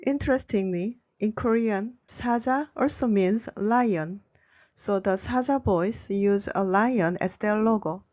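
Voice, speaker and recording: A woman's voice: medium pitch, a little slow, a little mellow, dull audio. Woman narrating a culture explainer. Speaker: Korean language educator. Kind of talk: scripted narration.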